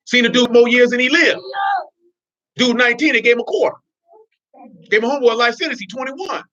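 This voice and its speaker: A man's voice: extremely high pitch, fast, bright, forceful tone, raised voice. A man giving informal, blunt religious teaching in streetwise slang, with laughing asides. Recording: dull lo-fi recording.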